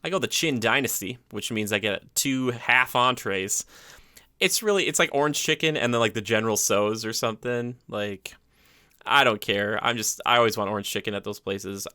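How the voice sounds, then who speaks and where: A man's voice: lowish voice, bright, forceful tone, no room sound, clean studio sound. A man co-hosting a podcast in casual chat, enthusiastic and rambling, with many fillers. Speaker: podcast co-host.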